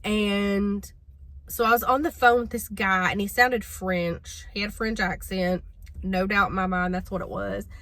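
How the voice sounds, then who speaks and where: A woman's voice: medium pitch, steady tone, measured pace, fairly bright tone. A woman telling a story to her viewers in a chatty, exasperated way. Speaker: vlogger. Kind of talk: casual storytelling to camera.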